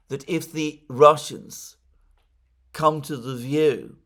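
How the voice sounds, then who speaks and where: A man giving solo political commentary in a measured, explanatory way. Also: medium pitch, fairly bright tone.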